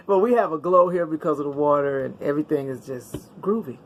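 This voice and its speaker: A woman's voice: low voice, lively intonation, fast, hardly any pauses, slightly rough. A middle-aged woman vlogger chatting casually and upbeat to her viewers, with a preachy tone and frequent laughter.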